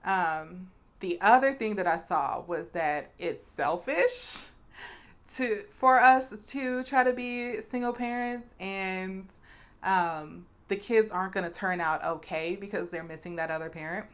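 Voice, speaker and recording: A woman's voice: medium pitch, unhurried. A young adult woman vlogging to her viewers, speaking frankly and bluntly and calling them y'all, with a cough now and then. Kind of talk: direct-to-camera vlog, candid opinion talk.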